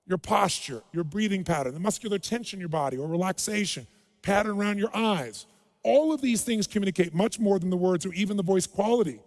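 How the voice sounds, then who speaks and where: A man giving a live relationship seminar, animatedly quizzing the audience and acting out quotes in a large hall. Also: high voice. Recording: long hall reverb.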